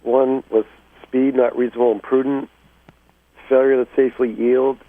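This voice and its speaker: Comic guy calling in, quick rehearsed delivery, mid voice, phone-line tinny. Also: mid-range voice, little pitch movement, no room sound. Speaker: stand-up comedian. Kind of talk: telling a joke on a call-in show.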